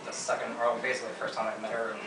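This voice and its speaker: A man's voice: mid-range voice, little pitch movement, racing. A man answering awkwardly and hesitantly as a trainee. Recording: echoey room, from far off, clear noise.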